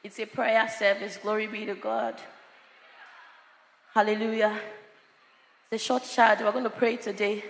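A woman preaching a sermon at a church prayer service, often shouting as she preaches. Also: medium pitch, flat delivery, measured pace, long pauses, a little hiss or hum. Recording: echoey church hall.

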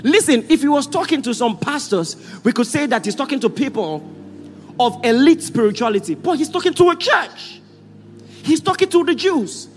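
High-voiced Nigerian preacher, rousing and echoing. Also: male voice, expressive, normal speed. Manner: rousing call-and-response, often shouting to the congregation. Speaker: pastor. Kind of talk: sermon. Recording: hall reverb with faint music.

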